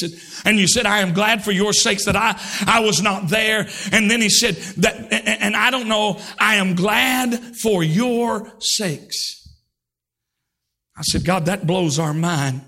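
A male pastor preaching a fervent sermon, swinging between shouted lines and hushed, drawn-out words. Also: high voice, creaky. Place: church sanctuary.

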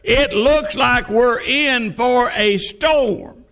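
A man's voice: very high voice, drawn-out words, gravelly, pushed and bright, heavily acted. A man preaching puts on the voice of a wary adult male fisherman disciple, speaking in a folksy, plain-spoken way. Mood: uneasy.

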